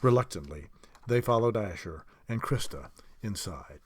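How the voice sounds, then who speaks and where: A man narrating a fantasy audiobook chapter in an expressive storytelling way. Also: lowish voice, normal speed, slightly rough.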